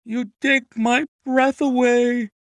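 A man's voice: medium pitch, very animated, normal speed, a bit bright, no room sound, clean studio sound. A man voicing an angry, agitated old racehorse-owning colonel who blusters indignantly. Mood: astonished.

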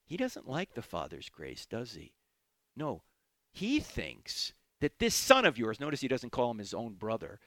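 A man's voice: mid-range voice, wildly swooping pitch, moderate pace, a bit bright, no room sound. A man hosting a radio Bible teaching show, speaking emphatically and posing questions he then answers himself, into a studio microphone. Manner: emphatic, asks and answers his own questions.

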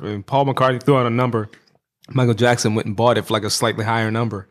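A man co-hosting a casual chat, retelling stories in a relaxed way. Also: mid-range voice, fast talker.

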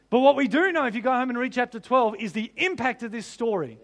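A man preaching a sermon, animated and humorous, often laughing and piling up rhetorical questions. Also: extremely high pitch, fast, hardly any pauses.

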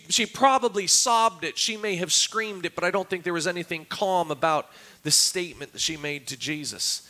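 A man's voice: a little high, moderate pace, sharp tone. A man preaching a sermon as pastor, acting out quoted cries with a raised, dramatic voice. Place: church.

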